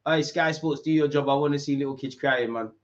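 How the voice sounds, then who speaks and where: A young man, commentating a football match live with street-slang banter and sudden shouts. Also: a little high, brisk, highs cut off. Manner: banter-heavy, mocking rival fans in street slang, bursts into shouts at big moments. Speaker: football watch-along streamer.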